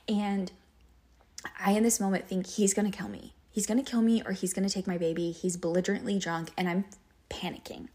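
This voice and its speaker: A woman's voice: on the low side, darkish tone. A woman in her late twenties, a podcast host, candidly telling a personal story in a monologue full of "like" fillers. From Kansas. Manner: candid, emotional, many "like" fillers. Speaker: podcast host and business owner.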